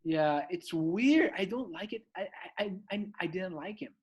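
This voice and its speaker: A man's voice: sits high, animated, normal speed, darkish tone, highs cut off. A young man co-hosting a podcast, chatting casually and often repeating words as he starts a thought. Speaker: podcast co-host. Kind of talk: casual chat.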